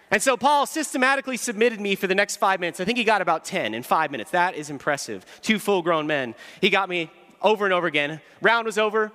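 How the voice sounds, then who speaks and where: A man's voice: sits high, lively intonation, fast, bright, forceful tone. A man giving a humorous, self-deprecating storytelling talk to an audience in a large hall.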